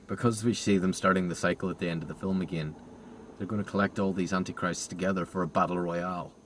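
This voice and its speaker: A man's voice: low voice, steady tone, fast talker, slight background noise. A man chatting casually as a film critic, crude and joking, slipping into silly voices. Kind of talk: casual film review chat.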